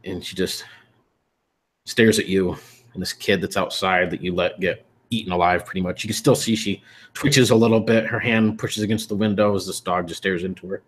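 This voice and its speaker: Guy with a deep voice gm-ing a horror game, laid back descriptive. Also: fairly even intonation, normal speed, breathy edge. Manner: graphic, descriptive narration with casual fillers. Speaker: game master. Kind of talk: narrating a horror tabletop game.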